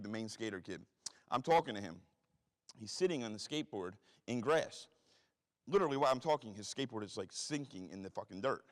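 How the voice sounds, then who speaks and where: Fast-talking, profane man in a hall. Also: mid-range voice. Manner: profane, blunt storytelling with acted-out quotes. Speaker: guest speaker. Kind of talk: storytelling talk to an audience. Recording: long hall reverb.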